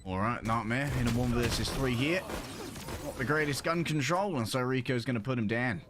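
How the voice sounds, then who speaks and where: A man casting an esports match play by play, excitable and shouting at big plays. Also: mid-range voice, brisk, background noise. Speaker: esports caster.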